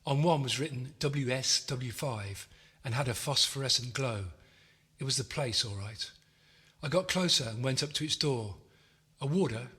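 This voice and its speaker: A male narrator reading a novel aloud. His voice is husky with a bright, forward edge, and his first-person storytelling is measured and steady. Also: medium pitch. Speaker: audiobook narrator.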